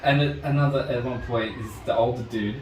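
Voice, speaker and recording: A young man rattles off a rambling story at a quick clip, swearing and laughing as he goes. He sits back from the mic in a roomy space. Steady background noise runs under his voice. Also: medium pitch, recorded from a distance. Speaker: martial arts instructor guest. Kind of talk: casual storytelling in conversation.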